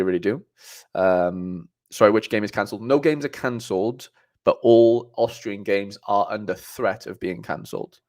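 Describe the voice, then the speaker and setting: A man's voice: on the low side, a little mellow. A young man hosting a live stream, reading viewer comments aloud in a casual, rambling way with lots of fillers and restarts. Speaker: livestream host.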